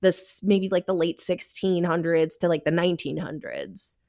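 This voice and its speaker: Animated, foul-mouthed woman chatting. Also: on the low side, moderate pace. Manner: animated, swears freely, acts out quotes. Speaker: paranormal investigator guest. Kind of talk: casual podcast chat.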